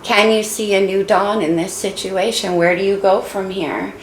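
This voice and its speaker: Tarot reader, woman, low gravelly voice that is fading, emotional and encouraging, echoey room with faint hiss. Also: fairly even intonation, normal speed. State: losing her voice. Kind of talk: casual tarot reading.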